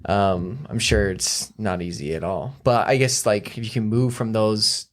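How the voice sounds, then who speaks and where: Male podcast host, lowish voice, halting and searching for words. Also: steady tone. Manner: halting, many restarts. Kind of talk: casual podcast chat.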